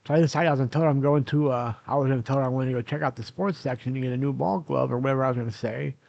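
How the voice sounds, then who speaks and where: Gravelly older man rambling through a story. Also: mid-range voice, rapid-fire, darkish tone, no echo, dull audio. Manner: rambling, self-correcting, many "uh"s. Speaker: vlogger. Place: room in a nursing home. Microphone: camera recording himself.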